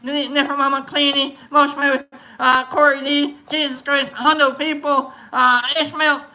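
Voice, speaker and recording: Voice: high voice, level tone, measured pace, pushed and bright, rough recording. A livestream host chatting casually and greeting viewers by name, rambling and playful, with many fillers and restarts. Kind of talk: casual chat reading viewer comments.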